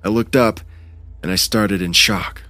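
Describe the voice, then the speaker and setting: Low-voiced man narrating horror. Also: fairly even intonation, a little slow, pushed and bright, dry recording, faint music behind. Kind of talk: first-person horror story narration.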